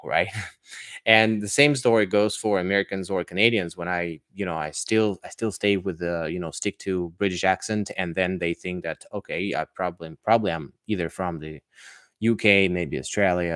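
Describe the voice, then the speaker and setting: A man with a fairly low voice talks through viewer questions on a live-streamed language podcast. He is an English teacher and speaks in a chatty, halting way, with plenty of fillers and false starts. The sound is dry and close. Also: dry recording. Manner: chatty, hesitant, many fillers and restarts.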